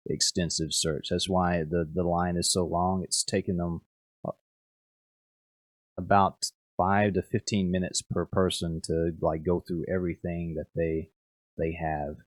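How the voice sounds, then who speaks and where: A man's voice: low voice, fairly even intonation, unhurried, dry recording. A young man narrating as game master, rambling with lots of fillers and repeated words.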